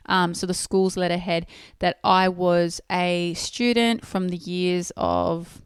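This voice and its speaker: A woman's voice: lowish voice, fairly even intonation, slow, clean tone, no room sound. A woman hosting a podcast, reading out official rules and then explaining them plainly in her own words. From Australia. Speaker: podcast host.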